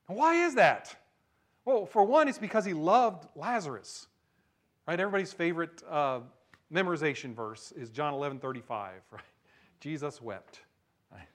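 A male pastor preaching a sermon, shifting between hushed emphasis and loud, excited storytelling. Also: on the high side.

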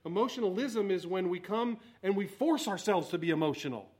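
Male pastor, sermon delivery, emphatic, fairly high voice, dynamic. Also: animated, a little fast, husky. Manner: emphatic, swings between loud exhortation and quiet asides.

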